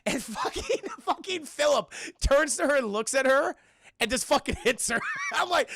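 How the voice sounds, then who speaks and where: Young man, film reviewer, high gravelly voice, bright and sharp, laughing and swearing, dry close recording. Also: wildly swooping pitch, unhurried, long pauses, no room sound. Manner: laughs often, swears freely, acts out quotes. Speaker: film reviewer streaming live. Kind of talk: excited scene-by-scene movie recap to a live chat.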